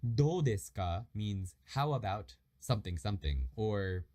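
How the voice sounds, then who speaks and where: Lively male learner explaining a lesson. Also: on the low side. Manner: explains patiently, reads example phrases slowly. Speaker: Japanese learner teaching a lesson. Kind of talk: casual language lesson.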